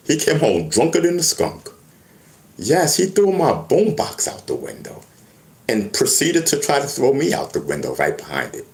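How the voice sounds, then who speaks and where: Speaking casually to camera, a man tells stories animatedly, stammering and restarting often. His voice is medium in pitch at a moderate pace, recorded in an echoey room.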